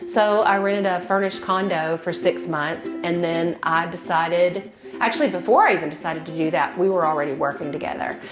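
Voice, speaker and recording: A woman speaking as a guest in a candid, heartfelt personal testimonial, often pausing on fillers as she reflects. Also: on the low side, music in the background. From American South. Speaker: client and guest.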